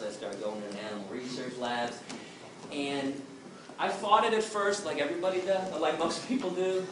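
A man giving a forceful, emphatic answer to an audience question as an activist lecturer, voicing quotes with a lot of emphasis. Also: on the high side. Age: 20s. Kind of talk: impassioned Q&A answer. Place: large lecture hall. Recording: very echoey hall from far off, noisy.

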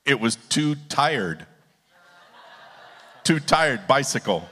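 A man's voice: mid-range voice, big pitch swings, slow, pushed and bright. A man telling corny jokes at a live contest, teasing the crowd when they don't laugh. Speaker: joke contest entrant. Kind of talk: live stage joke-telling. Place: theater stage, live event. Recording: long theater hall reverb.

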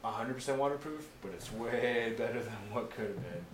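Fairly quick and mid-range, a young man who served in the military spins casual war stories, cursing often and performing other people's lines with gusto. The echoey room carries faint noise.

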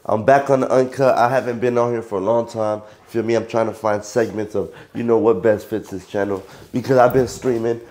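A man's voice: fairly low pitch, fairly even intonation, a little fast, hardly any pauses, darkish tone. Chatty man vlogging at home. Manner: loose and chatty, stumbles and repeats words; gives the dog firm repeated commands. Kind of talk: casual home vlog. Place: at home, indoors.

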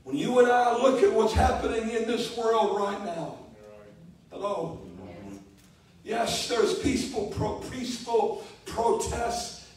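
Echo fills this distant-mic recording of a pastor preaching in a church sanctuary. His very high voice is slow and a little mellow, yet he speaks emphatically, repeating key words.

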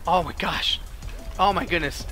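Brief: animated gaming host, high bright voice, soft music underneath. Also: male voice, measured pace. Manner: animated, yelps and laughs at mishaps. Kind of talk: excited gameplay commentary.

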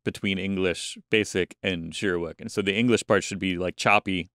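A man rambles casually as a podcast co-host, restarting often. His low-pitched voice is a bit bright, clear, and resonant, with fairly even intonation at normal speed, in a dry studio-quality recording.

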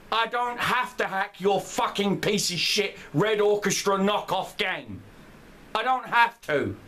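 A man's voice: high-pitched, pushed and bright. A man in a furious, profane rant as a gamer, heated and swearing throughout. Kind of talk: angry rant vlog.

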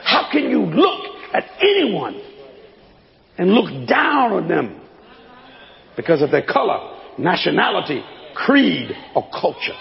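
An older man preaching a sermon, swinging between shouts and low folksy asides, with a gravelly voice. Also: huge pitch swings, takes it slowly, long pauses, in a large hall, highs cut off.

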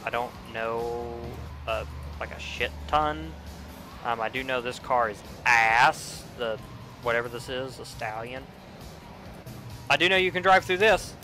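A young man giving casual let's play commentary, with frequent profane, excitable outbursts. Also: mid-range voice, unhurried, soft background music. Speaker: gamer.

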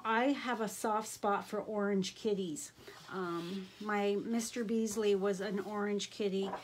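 A middle-aged woman in casual chat, gushing over everything she shows and easily delighted. She speaks at an unhurried, leisurely pace in a voice of ordinary middle pitch. A faint hiss sits under her voice. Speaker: craft vlogger.

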